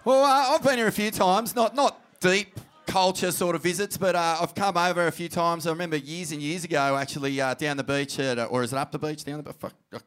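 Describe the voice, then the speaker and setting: An Australian man co-hosting a live comedy podcast from a pub. His voice is on the high side. He talks in a loose, rambling way, full of fillers and restarts. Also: steady tone, a little fast, fairly bright tone, smooth, faint music behind.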